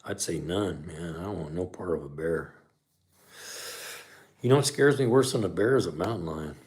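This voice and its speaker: A man's voice: low voice, normal speed, darkish tone. A middle-aged man hosting a podcast livestream, chatting casually and reading live comments in a laid-back way.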